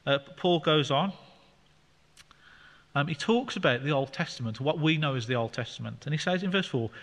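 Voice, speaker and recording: A man's voice: a little high, expressive, moderate pace, a bit bright. Man teaching scripture in a reverberant hall. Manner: explanatory, conversational with fillers. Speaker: Bible study leader. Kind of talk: teaching Bible study.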